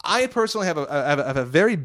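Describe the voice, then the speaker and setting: A man's voice: fairly high pitch, racing. A man co-hosting a podcast, talking casually and arguing his point, rambling with lots of restarts and repeated words. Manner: animated, argumentative. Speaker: podcast co-host. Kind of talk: casual chat.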